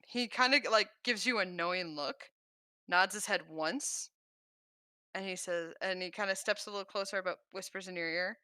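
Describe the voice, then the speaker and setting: Woman dm narrating a tabletop game, bright voice, dry close mic, lots of uhs. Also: on the low side, normal speed, no room sound. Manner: hesitant, many fillers and restarts. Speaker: dungeon master.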